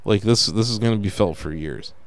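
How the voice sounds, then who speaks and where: A man hosting a casual podcast, talking in an animated way and swearing when he gets worked up. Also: lowish voice, brisk. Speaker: podcast host.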